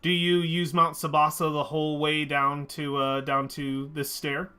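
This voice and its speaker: Bright-voiced game master, halting. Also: male voice, fairly high pitch, monotone, clear, resonant tone. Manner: halting, many fillers and restarts. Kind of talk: narrating a tabletop game.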